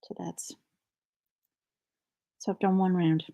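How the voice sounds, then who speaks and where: A woman's voice: on the low side, little pitch movement, slow, vocal fry, dark tone. A middle-aged woman hosting a knitting livestream, telling a rambling story in casual chat and counting stitches aloud.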